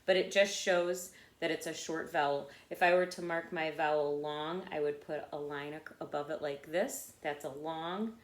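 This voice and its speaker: A woman's voice: sits low, fairly even intonation, moderate pace, hardly any pauses, echoey room. A woman teacher giving a patient phonics lesson to children, often checking in with "okay?" and "right?".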